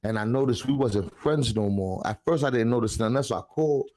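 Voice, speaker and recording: A Bronx man in his 40s, a podcast guest, tells a long personal story in heavy street slang, checking in with "you heard?" His mid-range voice is brisk and warm, recorded dry, in casual storytelling.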